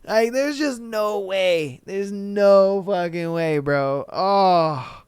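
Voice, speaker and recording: Dude reading reddit-style stories on his podcast, slow and laid back, cussing and cracking jokes, dry close sound. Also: high-pitched, darkish tone, clean tone, dry recording. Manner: laid-back, profane, joking asides. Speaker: podcast host. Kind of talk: reading listener stories aloud and reacting.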